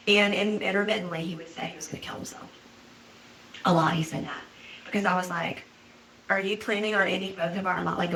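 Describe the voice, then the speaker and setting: A woman with a fairly low voice gives a halting, rambling police statement and keeps quoting who said what. The tape is an interview room recording with chatter in the background. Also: low-quality recording. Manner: halting, rambling, retelling dialogue.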